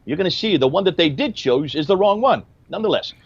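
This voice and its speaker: A man's voice: high voice, animated, fast, creaky, slightly rough, dry recording, dull audio. A man giving emphatic, lecture-style commentary and asking rhetorical questions.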